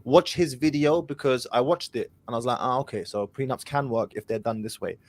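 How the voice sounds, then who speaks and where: A man's voice: mid-range voice, fairly quick, no room sound. A man hosting an advice call-in show, speaking confidently and directly, with Arabic phrases mixed in. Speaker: host.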